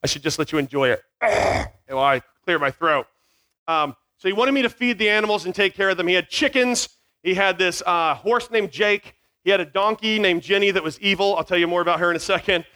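A man's voice: high voice, fairly quick, pushed and bright. A man in his forties with no regional accent, joking with middle schoolers at a youth camp through a headset mic, self-mocking and jumping from tangent to tangent. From Virginia. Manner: scattered, self-mocking, jumps between tangents.

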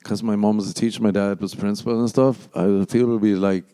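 Irish man with a low, mellow voice. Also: steady tone, smooth. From Ireland. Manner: profane, meandering storytelling with quick mock voices. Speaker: podcast host and stand-up comedian. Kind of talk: casual rambling solo podcast monologue.

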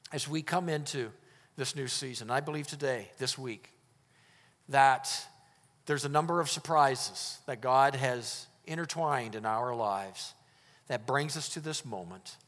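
A man preaching a sermon as pastor, emphatic, moving between loud declarations and hushed, earnest lines. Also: medium pitch, a little slow. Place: church hall. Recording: long reverb of a church hall.

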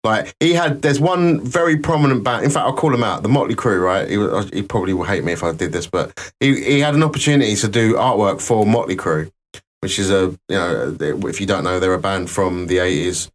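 A man's voice: on the low side, brisk. A man in casual podcast talk, arguing his point with dry jokes. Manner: dry, joking, argumentative. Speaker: podcast co-host, works in IT.

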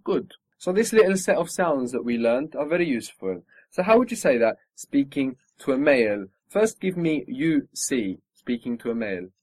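A man's voice: medium pitch, very animated, moderate pace, few pauses, darkish tone, no echo. A man teaching a spoken language lesson, patiently modelling pronunciation and encouraging his student.

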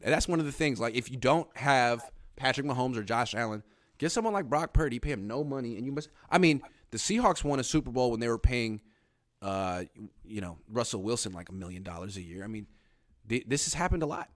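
A man's voice: mid-range voice, animated, fairly quick, no echo, clean studio sound. A man hosting a casual sports talk show, blunt and sarcastic, reading viewer comments aloud. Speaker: podcast host.

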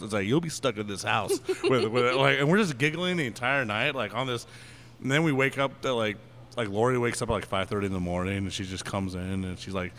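A man's voice: mid-range voice, fairly quick, a bit bright, a little hiss or hum. Rambling, giggly man telling a story. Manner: rambling, filler-heavy with frequent laughs. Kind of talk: casual storytelling.

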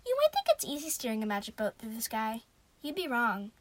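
A woman reads favorite passages of a novel aloud, breaking in with chatty asides. Her voice sits high, and the recording is dry and close with no room sound. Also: wildly swooping pitch, a little fast, dry recording. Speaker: reader.

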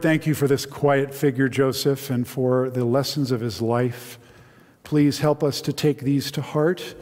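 A man's voice: mid-range voice, darkish tone. Earnest pastor guy giving a sermon and praying, echoey room. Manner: earnest, openly moved. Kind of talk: sermon with reading and prayer. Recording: reverberant hall.

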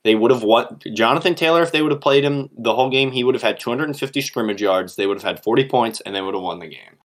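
A man's voice: mid-range voice, fast talker, fairly bright tone. A man co-hosting a podcast, giving emphatic, opinionated takes on sports bets. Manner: emphatic, opinionated, pushes his points hard. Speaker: podcast co-host. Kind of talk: casual sports betting chat.

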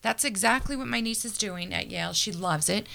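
Animated middle-aged woman with gravelly edge. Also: mid-range voice, brisk. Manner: animated, frequent agreeing interjections. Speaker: radio guest, college teacher. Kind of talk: casual radio chat. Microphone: studio mic.

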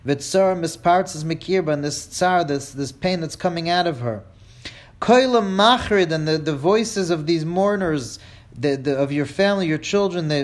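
A man with a fairly high voice leads a class through a Hebrew text, reading each line and then rendering it in English. He builds up the grim scenes with drama and slips in dry jokes. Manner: reads Hebrew lines then translates them line by line, dramatic; wry, jokes with listeners. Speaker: Torah teacher.

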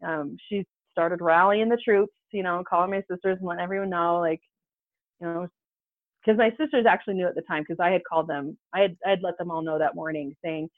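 A woman in her thirties speaks fast in a fairly low voice, telling a personal story casually as a podcast guest. She's animated and voices the people she quotes herself. The sound is tinny and phone-like, completely dry with no room sound.

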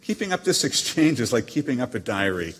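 An actor reading letters as a proud, witty émigré novelist, with a haughty, dryly teasing manner. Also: male voice, mid-range voice, sing-song, brisk, husky. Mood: wry. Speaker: letter reader. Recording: long hall reverb.

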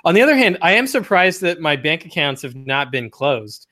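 Male co-host, tense bright tone, wry joker in relaxed talk. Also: on the high side. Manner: quick, wry, laughs while talking. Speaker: podcast co-host. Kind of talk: casual chat.

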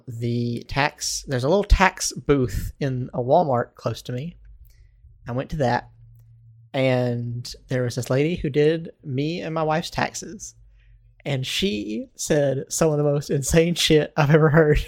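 A man with a fairly high voice co-hosts a casual podcast and tells a story about his week. He is animated and laughs now and then as he talks. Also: slow pace. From North Carolina, USA. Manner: animated storytelling, laughing while telling anecdotes. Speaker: podcast co-host.

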